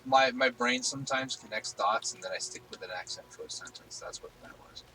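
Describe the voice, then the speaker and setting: A man's voice: mid-range voice, a little fast, background noise. A man hosting a casual gaming stream from home on a headset, rambling easily with lots of fillers. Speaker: streamer host.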